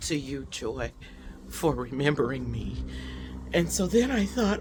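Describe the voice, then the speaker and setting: A woman with a very deep voice hosts a heartfelt personal vlog, talking a little slowly but very animatedly. She's effusive and emotional, uses lots of fillers, and there's noise in the background.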